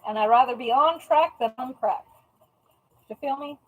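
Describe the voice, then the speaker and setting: A woman's voice: sits high, moderate pace, narrow, tinny audio. A young woman from the US West Coast chatting casually on a live stream while she packs orders at home, playful and talkative. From US Pacific time zone. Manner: chatty and playful, tries out joking Spanish phrases. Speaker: live-stream host and online shop seller.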